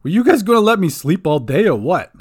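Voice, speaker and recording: A man voicing a little brash male goblin who talks loudly and wisecracks, in an audio story. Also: high-pitched, sing-song, fairly quick, slightly rough, voice pushed up, full character voice. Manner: loud, wisecracking.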